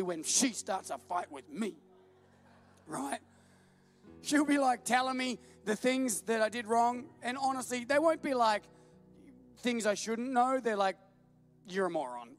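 A man preaching with a very high, light voice, joking about himself and breaking into laughter as he tells stories. Faint music sits under his sermon. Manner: self-deprecating, animated storytelling with laughs. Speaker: pastor. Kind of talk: humorous sermon.

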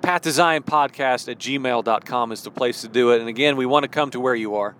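A man's voice: mid-range voice, brisk, a bit bright, slight background noise. A man hosting a podcast and preaching in a fervent, rambling way, repeating phrases for emphasis. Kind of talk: impassioned podcast sermon.

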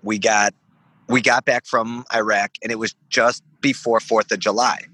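A man's voice: fairly low pitch, level tone, moderate pace, pushed and bright, slightly rough, no echo. Swearing young man telling a story. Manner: rambling, laughing, swears freely. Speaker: podcast guest, veteran. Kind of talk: casual storytelling.

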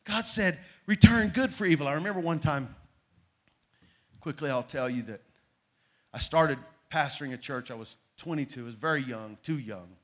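A middle-aged man preaching a sermon, moving between loud, emphatic peaks and low, quiet asides. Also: animated, moderate pace, long pauses. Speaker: pastor.

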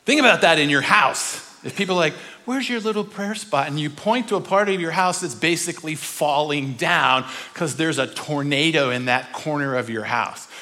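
A man teaching a sermon, animated and full of rhetorical questions, sometimes acting out voices. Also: a little high, normal speed, hardly any pauses, big-room sound. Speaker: speaker.

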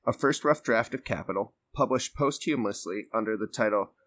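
Low-voiced man reading and chatting. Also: a little fast, fairly bright tone. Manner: reads steadily, then rambles with fillers and swearing. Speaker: podcast co-host reading aloud. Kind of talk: casual chat and reading a text aloud.

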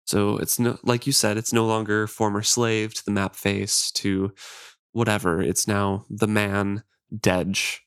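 A man's voice: lowish voice, little pitch movement, a little slow, fairly bright tone, clear, resonant tone, no room sound, studio quality. A man co-hosting a podcast, chatting casually about a novel and reading passages from it aloud. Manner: conversational, explaining plot details. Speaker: podcast co-host.

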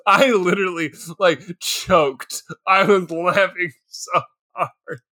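A young man co-hosting a podcast, talking in an excitable way and stammering often as he reacts. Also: sits high, takes it slowly. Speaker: podcast co-host. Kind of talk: casual movie recap chat.

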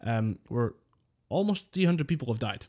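Rambling British podcast co-host. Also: male voice, medium pitch, sing-song, moderate pace, a little mellow. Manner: rambling, wry, laughs often. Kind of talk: casual chat.

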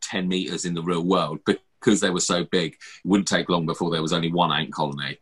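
Man, low voice, husky, rambling casual podcast chat, fillers and swearing. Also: steady tone, a little fast. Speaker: podcast host.

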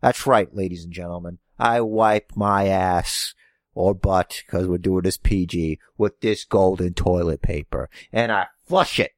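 A man's voice: low voice, unhurried, no echo, clean studio sound, voice pushed down. A man voicing a boastful, wasteful rich wrestling character who shows off his wealth. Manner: over-the-top bragging, announcer-like.

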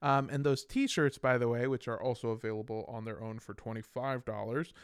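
A man's voice: mid-range voice, steady tone, a little fast, clear, resonant tone, dry recording, studio quality. A man co-hosting a podcast, joking and swearing casually while rambling through sponsor reads. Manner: profane, jokey, rambling with fillers. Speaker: podcast co-host.

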